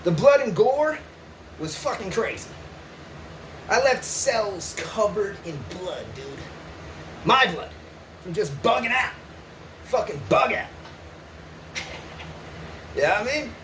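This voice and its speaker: Very high-voiced, profane storytelling man. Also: animated, slow, long pauses, a bit bright. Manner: profane, rambling, keeps asking "right?"; breaks into laughs. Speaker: vlogger. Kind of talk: casual storytelling to viewers. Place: indoors, riding an exercise bike. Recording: roomy echo with faint noise.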